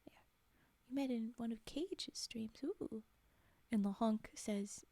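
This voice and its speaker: A sleepy woman ASMR streamer, whispering softly and breathily into a close, turned-up mic while chatting with viewers. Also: on the high side, a little slow, dry recording. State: sleepy, yawning. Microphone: close sensitive mic turned up.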